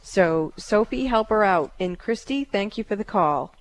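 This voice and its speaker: A woman hosting a call-in psychic radio show, giving calm, halting readings with many fillers. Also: medium pitch, no room sound.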